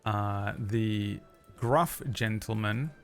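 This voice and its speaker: A young man narrates a tabletop game as game master. His voice sits low and he talks in a relaxed, halting way. Faint music plays underneath.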